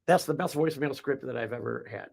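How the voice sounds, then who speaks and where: A man's voice: medium pitch, quick pace, gravelly, a little mellow. A man from the Midwest hosting a real estate podcast, explaining his methods in a folksy, rambling way with restarts. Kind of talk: casual podcast chat.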